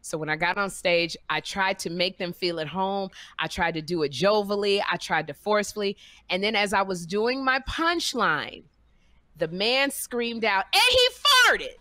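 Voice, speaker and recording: A middle-aged woman hosting a podcast, telling stories in a lively, animated way and acting out what people said. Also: medium pitch, moderate pace, no room sound. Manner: animated storyteller, acts out quotes. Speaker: podcast host. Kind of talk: casual chat, storytelling.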